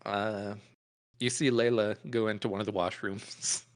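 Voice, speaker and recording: Male game master, casual narration, low-ish voice, chuckles through it. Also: level tone, measured pace. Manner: casual, laughing between lines.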